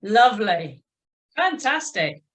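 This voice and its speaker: A woman instructor guides an indoor cycling session. She talks at a slow, measured pace with a mid-range voice. She encourages her riders and counts out a rhythmic tick-tock beat. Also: medium pitch, sing-song, a bit bright. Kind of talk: coaching an exercise class.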